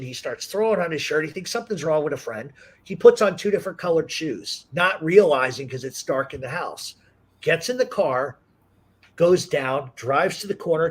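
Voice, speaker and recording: A man's voice: on the high side, husky. A man hosting a talk show, telling stories casually with lots of swearing. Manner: profane, animated storyteller. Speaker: podcast host. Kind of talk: casual storytelling chat.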